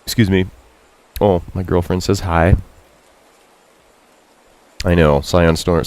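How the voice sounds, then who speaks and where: A man streaming a Japanese game, reading out the characters' lines and translating them in a chatty, self-mocking way, jumping up in pitch to quote and dropping low for asides. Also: lively intonation, moderate pace, pauses often, darkish tone, dry recording. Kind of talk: casual live-stream commentary.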